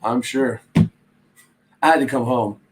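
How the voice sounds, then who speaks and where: A man's voice: medium pitch, fairly even intonation, slow, slight background noise, poor audio. A man hosting a reselling channel, chatting casually and rambling while he reads viewer comments aloud. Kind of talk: casual live-stream chat.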